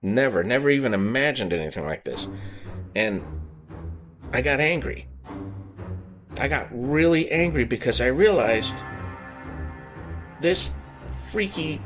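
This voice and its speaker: A man hosting a podcast, telling a personal paranormal story in an earnest, halting way, often circling back to rephrase himself. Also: mid-range voice, expressive. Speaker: podcast host. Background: background music.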